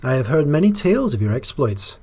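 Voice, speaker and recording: A man voicing a proud, formal woman leader in a put-on Scottish accent, reading game dialogue aloud in measured diplomatic phrases. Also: mid-range voice, very animated, darkish tone, husky. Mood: formal, stern.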